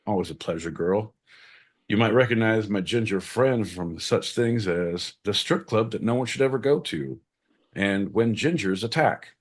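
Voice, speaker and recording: A man hosting a podcast, joking around and playing listener messages. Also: on the low side. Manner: jokey, animated, crude. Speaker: podcast host. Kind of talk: casual podcast banter.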